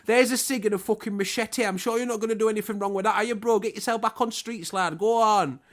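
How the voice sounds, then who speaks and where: A man's voice: steady tone, fast talker, lightly acted. A man putting on a chummy prison-gate hanger-on. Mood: mock-chummy. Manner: high chummy mockery, swearing. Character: cheery male street hanger-on outside a prison.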